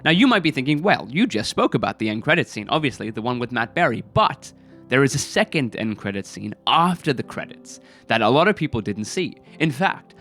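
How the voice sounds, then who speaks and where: A man's voice: on the high side, a bit bright. A man giving casual film commentary in a rambling, incredulous way, with many fillers. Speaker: film review video creator.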